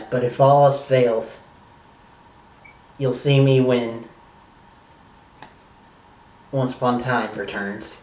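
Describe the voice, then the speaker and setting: Slow, rambling man in an echoey room. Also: mid-range voice, recorded from a distance. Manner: rambling, enthusiastic, lots of "like". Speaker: TV review vlogger. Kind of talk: casual recap chat.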